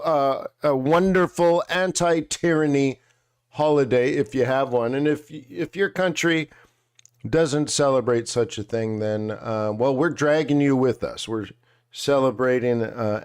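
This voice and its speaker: A man's voice: medium pitch, moderate pace, smooth. A man hosting a live market show, chatting casually and joking, eating and drinking on air. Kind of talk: casual live-stream chat.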